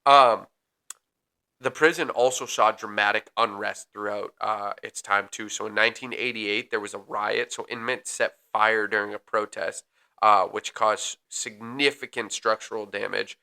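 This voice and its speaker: Bright-voiced man reading ghost history. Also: fairly low pitch, normal speed, gravelly, clean tone. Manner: relaxed, reads facts with filler ums, jokes between. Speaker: podcast co-host. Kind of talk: casual chat, reading history notes.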